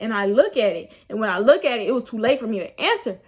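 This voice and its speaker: A young woman, casually telling a rambling, animated story about her night out. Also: high-pitched, fast, few pauses, breathy edge. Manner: animated, rambling, laughs at herself. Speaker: vlogger.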